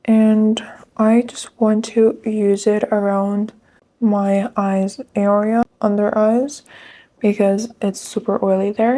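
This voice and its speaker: A woman's voice: mid-range voice, mellow. A young woman chatting casually to viewers while reviewing makeup, enthusiastic and direct. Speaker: beauty vlogger.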